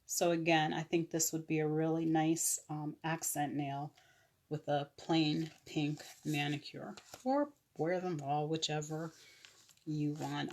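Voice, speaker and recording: A woman casually showing her nail products on a live stream, chatty, with fillers and quick self-corrections. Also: low-pitched, fairly even intonation, a little mellow. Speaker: online nail seller.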